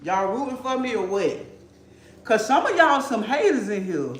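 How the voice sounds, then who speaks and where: Very high-voiced man, playful and hyped. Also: very animated, moderate pace, a bit bright. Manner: playful, hyped, teasing chat. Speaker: livestream cooking host. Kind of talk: casual livestream chat. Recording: echoey room.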